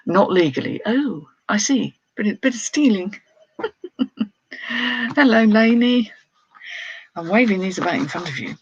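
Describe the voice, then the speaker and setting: A woman's voice: medium pitch, animated, measured pace, long pauses, husky, no room sound, muffled recording. A woman who resells clothes, chatting casually on a live stream, laughing often and reading out viewer comments. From United Kingdom. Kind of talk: casual live-stream chat while showing items.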